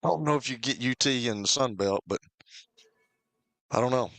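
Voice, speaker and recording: Bright-voiced male radio co-host in his 50s. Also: mid-range voice, moderate pace, no room sound. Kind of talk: sports talk radio banter.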